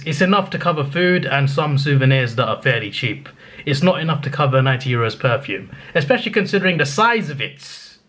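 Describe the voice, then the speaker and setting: A man's voice: medium pitch, fairly bright tone. A young man from England, telling a travel story in a chatty, laughing way with stammered restarts. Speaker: vlogger. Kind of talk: casual storytelling.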